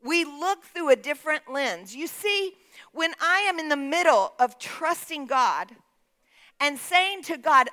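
A woman's voice: extremely high pitch, animated, a little slow, pushed and bright. A woman pastor preaching a sermon in a church, emphatic, calling out to the congregation for responses. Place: church sanctuary.

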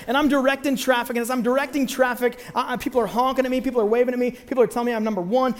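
A man preaching through a personal story, with a high-pitched voice. He tells it with animated energy and pops in and out of the voices of the people he quotes. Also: fast talker, big-room sound, background noise. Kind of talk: sermon storytelling.

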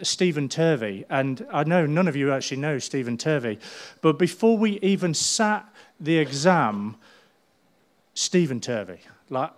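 Brief: middle-aged male pastor, conversational sermon, funny anecdotes. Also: medium pitch. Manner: chatty storytelling with humour.

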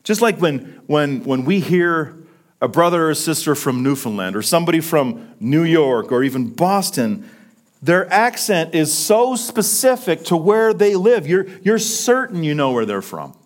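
A man preaching a sermon, swinging from loud emphatic peaks down to hushed, low lines. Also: sing-song, measured pace. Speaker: pastor.

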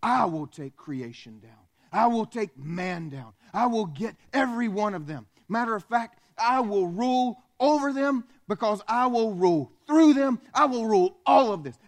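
A preacher putting on a seething, scornful Satan. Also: male voice, a little high, normal speed, close to an everyday voice. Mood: boastful vow. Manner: bitter, boastful, scornful muttering. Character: seething proud male fallen angel, Satan. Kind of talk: dramatized sermon monologue.

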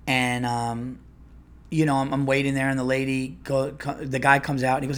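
Man, comedian, casual storytelling, profane, rambling, restarts, middle pitch. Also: little pitch movement, normal speed, fairly bright tone, clean tone. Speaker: comedian and podcast host.

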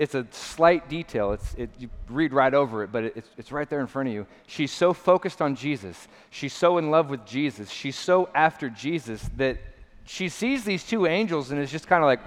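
A man's voice: medium pitch, expressive, moderate pace. A man preaching a sermon as a pastor, earnest and emphatic, often repeating phrases. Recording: long hall reverb.

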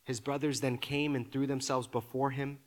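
A man preaching a sermon, often repeating his words and building to loud, emphatic peaks. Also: mid-range voice, little pitch movement, moderate pace. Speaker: pastor.

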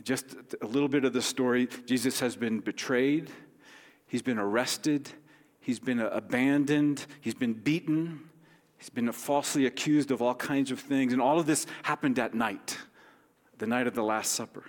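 A man, a pastor, giving a sermon in a gentle, conversational way with light humor. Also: medium pitch, moderate pace. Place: church sanctuary. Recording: long hall reverb.

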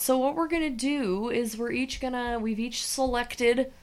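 A woman's voice: fairly high pitch, fairly even intonation, measured pace. A woman co-hosting a podcast in casual chat, bubbly and teasing. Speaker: podcast co-host.

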